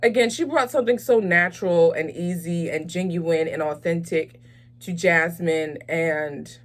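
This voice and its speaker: A woman hosting a casual movie review vlog, talking in an animated, enthusiastic, chatty way with frequent fillers. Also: on the low side, measured pace. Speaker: host of a movie review channel.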